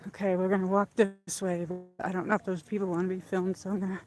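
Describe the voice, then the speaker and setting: A woman's voice: mid-range voice, flat delivery, quick pace, a little mellow. A woman hosting a casual walking livestream outdoors, chatting to her viewers as she goes. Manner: chatty, rambling, talks to viewers. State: out of breath from walking uphill. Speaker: livestream host. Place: outdoors on a walk around a lake.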